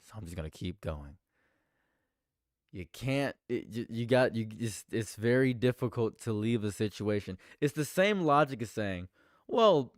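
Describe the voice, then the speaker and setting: A man's voice: on the low side, no echo, studio quality. A man streaming live react commentary, talking in a heated, rambling way and repeating himself.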